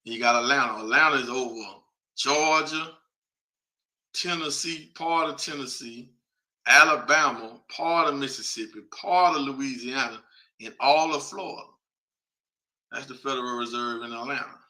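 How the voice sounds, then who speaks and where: A man's voice: mid-range voice, moderate pace, bright, forceful tone. A man hosting a casual broadcast, thinking aloud and talking straight to his viewers in an informal, chatty way as he reads through a list. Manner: thinks aloud while reading a list off a map. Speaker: host.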